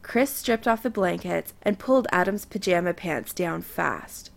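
A woman reading romance fiction aloud in a soft, intimate narration. Her voice has a gravelly, creaky texture. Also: on the low side, unhurried, few pauses.

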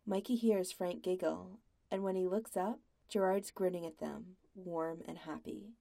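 Gravelly, mellow woman narrating a story. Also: fairly low pitch, a little slow. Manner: quiet, even, intimate reading. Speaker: podfic reader. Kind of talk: fan fiction audiobook narration.

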